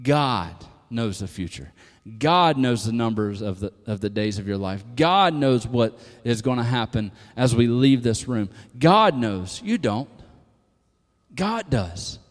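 A man's voice: medium pitch, expressive, measured pace. Preaching man in a reverberant hall. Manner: preaching, swings from hushed to shouted emphasis. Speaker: pastor. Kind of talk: sermon.

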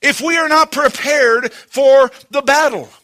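A male pastor delivers a sermon with a high voice. His tone is bright and forceful. He leans on dramatic pauses, rising to loud emphasis and then dropping to a hush. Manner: preaching with dramatic pauses and shifts from loud to hushed. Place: church.

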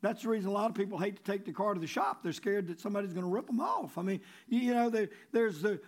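High-voiced preacher, conversational. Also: male voice, fast talker. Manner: conversational preaching, repeats phrases, drops low then rises for emphasis. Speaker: pastor. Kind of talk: sermon.

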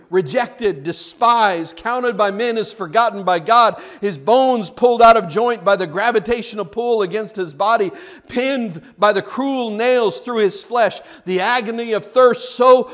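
A man preaching a sermon, dramatic, swinging between loud cries and hushed tones, often repeating words. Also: high voice.

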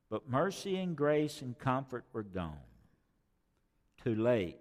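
A male preacher delivering a sermon in a church, emphatic and repeating key words, dropping from loud to hushed. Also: mid-range voice, big pitch swings, takes it slowly, long pauses, in a large hall.

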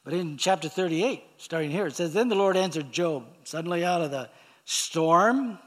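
A man preaching a sermon, reading scripture aloud and explaining it in a halting way with pauses and fillers. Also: a little high, animated, a bit bright. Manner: reads scripture aloud, then explains it plainly.

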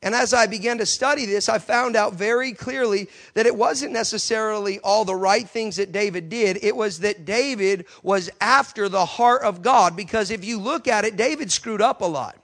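A man with a high-pitched voice delivers a passionate sermon from the pulpit of a church. He swings between soft, confiding stretches and sudden loud bursts. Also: moderate pace, few pauses. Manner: passionate preaching with sudden loud outbursts and acted quotes. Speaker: pastor.

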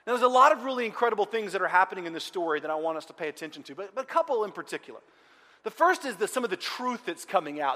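A man preaching a sermon as pastor, moving between loud outcries and hushed, quiet passages. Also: sits high. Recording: long hall reverb.

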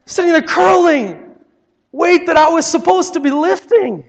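Man, high voice, animated storytelling sermon, long hall reverb. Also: a little slow, vocal fry, muffled recording. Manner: animated storytelling, acting out scenes. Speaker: preacher.

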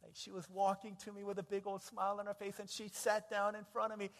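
High-voiced male pastor, animated sermon. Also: fast talker, big-room sound. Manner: animated storytelling, big swings in pitch and loudness.

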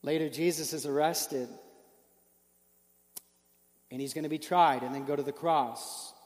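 A man's voice: fairly high pitch, steady tone, measured pace, darkish tone, in a large hall. A man preaching a sermon, telling a story earnestly and building with emotion through rhetorical questions.

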